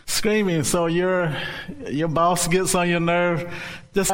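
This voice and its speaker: A male pastor preaching a sermon in an animated way, laughing often and bursting into shouts. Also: high voice, takes it slowly.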